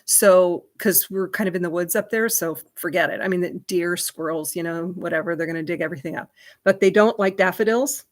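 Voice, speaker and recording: A woman's voice: lowish voice, fairly quick. A woman hosting a livestream, chatting in a rambling way and answering viewer comments. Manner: chatty and rambling, many fillers and asides. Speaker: livestream host.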